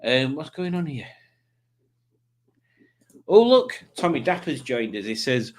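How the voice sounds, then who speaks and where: A man's voice: medium pitch, very animated, slow, long pauses. A man hosting a casual livestream, chatting and teasing as he reads out viewers' comments. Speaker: livestream host reading chat.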